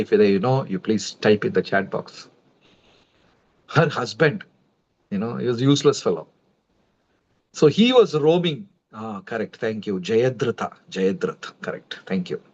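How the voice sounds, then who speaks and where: A man, a preacher telling a devotional story in a conversational, animated way and speaking to his viewers. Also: on the low side, moderate pace, pauses often. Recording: dull lo-fi livestream audio.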